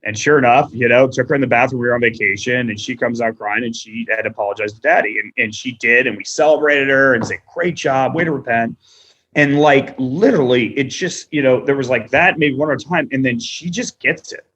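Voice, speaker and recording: A man in his thirties chatting casually as a podcast guest, telling animated stories and quoting people in voices. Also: medium pitch, brisk, hardly any pauses, muffled recording. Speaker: podcast guest, restaurant owner.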